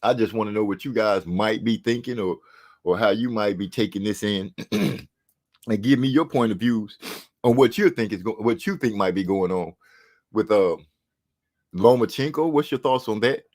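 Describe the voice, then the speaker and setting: A man's voice: lowish voice, normal speed, a little mellow. A man hosting a boxing talk show, chatting casually and rambling with frequent fillers and restarts. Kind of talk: casual livestream commentary.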